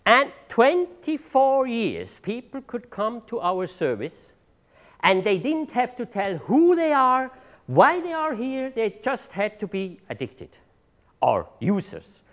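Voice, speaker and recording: Middle-aged man, conference speaker, high voice, swinging intonation, halting, repeats words. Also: wildly swooping pitch, a bit bright. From Switzerland. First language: German. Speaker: drug treatment agency leader giving a seminar talk. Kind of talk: conference presentation. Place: seminar room.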